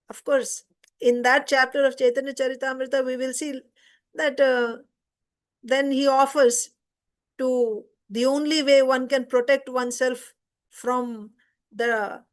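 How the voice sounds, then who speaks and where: High-voiced woman teaching a scripture class. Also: steady tone, takes it slowly, long pauses. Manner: retells the story conversationally, stopping to explain. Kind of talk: informal scripture class lecture.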